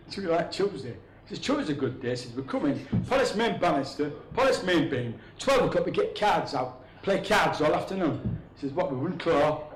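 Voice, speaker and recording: A man's voice: fairly high pitch, sing-song, fairly quick, hardly any pauses, slight background noise. A man telling rambling, crude jokes on stage, chuckling at his own punchlines. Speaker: stand-up comedian. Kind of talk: stand-up joke telling. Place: comedy venue with a live audience. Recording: echoey room, crowd laughter.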